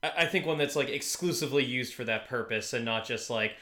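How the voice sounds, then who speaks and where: A man with a bright, forceful voice co-hosts a casual podcast, rambling through recaps and restarting his sentences. He laughs easily, and the room gives his voice a noticeable echo. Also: mid-range voice, fairly quick. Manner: rambling, self-interrupting, laughs often. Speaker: podcast co-host. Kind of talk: casual chat.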